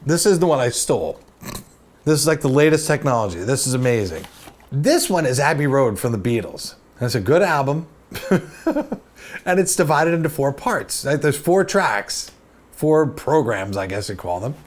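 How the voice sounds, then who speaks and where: Host, male, 50s, casual storyteller with an animated, up-and-down delivery, chatty and self-deprecating. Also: fairly high pitch, moderate pace.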